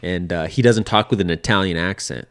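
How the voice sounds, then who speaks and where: A man's voice: low voice, fairly quick, fairly bright tone, clear, resonant tone. A man co-hosting a podcast in casual chat, swearing freely and rambling with many fillers. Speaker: podcast co-host.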